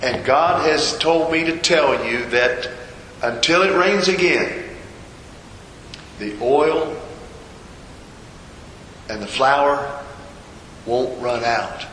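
A man's voice: medium pitch, animated, very slow, long pauses, a bit bright, reverberant, in a large hall, slight background noise, low-quality recording. A man preaching a sermon, retelling a scripture story and repeating rhetorical questions. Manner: storytelling, voices the figures' quoted lines, rhetorical questions.

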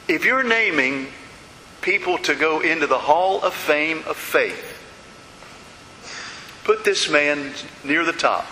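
A man delivers a sermon in a slightly high, forceful, bright voice, retelling stories dramatically and circling back to repeated refrains. The sound carries a long hall reverb and a faint hiss. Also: lively intonation, takes it slowly, pauses often. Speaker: preacher.

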